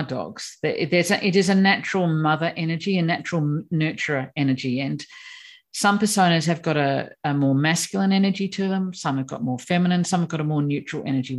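Creaky teacher explaining. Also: medium pitch. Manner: emphatic, acts out quoted voices. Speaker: course teacher on personality animals. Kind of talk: expert explaining in conversation.

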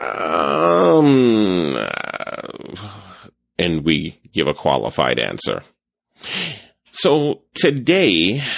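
A man's voice: extremely low pitch, vocal fry, no room sound. A man hosting a podcast, talking casually and rambling with restarts and stutters, sometimes acting out what others said. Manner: animated, acts out quoted voices. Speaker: podcast host and photography teacher.

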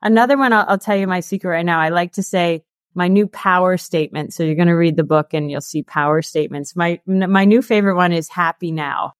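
A woman in her thirties, a guest author and coach, talking casually in an interview with lots of "like" and quick laughs. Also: lowish voice, no echo, clean studio sound. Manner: chatty, peppered with "like" and laughs.

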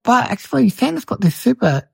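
A woman's voice: on the high side, big pitch swings, brisk, creaky, slightly rough, dry recording, full character voice. A woman voicing a cheeky little boy, telling a silly story to the camera in a rambling, chatty way full of fillers.

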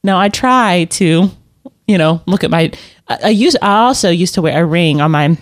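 A middle-aged woman chatting casually, rambling and self-deprecating, with halting restarts. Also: on the low side, animated, dry recording, studio quality. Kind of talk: casual chat.

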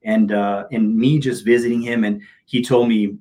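A man telling personal stories in a casual podcast chat, animated and emphatic. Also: lowish voice. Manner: animated, emphatic, slips into quick impressions. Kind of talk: casual storytelling.

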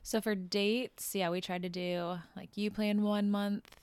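A young woman, the host's wife, speaking in a soft, hesitant, halting way on a casual podcast. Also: mid-range voice, little pitch movement, smooth, dry recording.

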